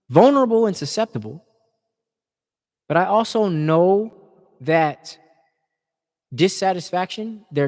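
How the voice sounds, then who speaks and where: A man's voice: high voice, long reverb tail. A man speaking in an impassioned, informal preaching style, earnest and repeating words as he builds his points.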